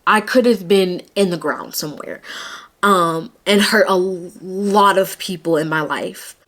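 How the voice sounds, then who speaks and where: A woman's voice: lowish voice, unhurried, fairly bright tone. A young woman vlogging her personal testimony, earnest and emotional, close to tears at times.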